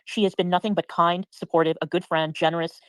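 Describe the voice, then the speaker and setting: A woman's voice: lowish voice, flat delivery, dry recording, low-quality recording. A woman on a livestream, speaking in an indignant tone. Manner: indignant, rapid. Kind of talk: casual livestream chat.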